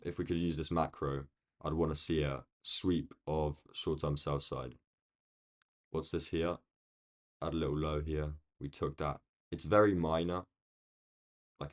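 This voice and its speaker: A man with a London accent chatting casually on a live stream, rambling along and answering viewers' comments from a quiet room. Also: a bass voice. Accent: London English. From United Kingdom. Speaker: day-trading live streamer.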